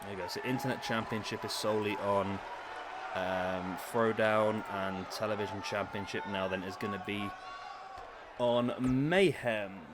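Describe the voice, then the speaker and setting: A man's voice: lowish voice, unhurried, over a noisy crowd, very noisy. Chatty man streaming a wrestling game. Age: 30s. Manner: chatty, talks to chat viewers. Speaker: gaming streamer. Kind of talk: casual live-stream commentary.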